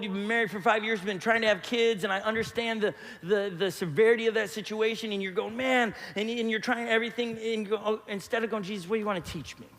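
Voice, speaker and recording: High-voiced animated male pastor in a hall. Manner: animated storyteller, acts out quotes. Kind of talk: sermon. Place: church hall. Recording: long church hall reverb.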